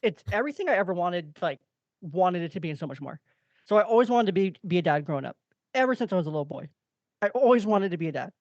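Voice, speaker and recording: A man in his twenties, a guest on a casual podcast, talking in an earnest, reflective way and often restarting his sentences. His voice is quite high. The dry recording sounds slightly dull and lo-fi. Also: expressive, quick pace, dry recording.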